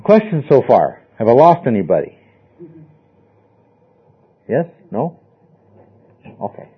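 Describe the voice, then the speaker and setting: A husky-voiced man leads a Bible study class, stressing his points and checking in with his students. His voice sits at a middle pitch. The recording is dull and lo-fi. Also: wildly swooping pitch, slow. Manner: emphatic, asks the class questions often. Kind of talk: informal classroom teaching.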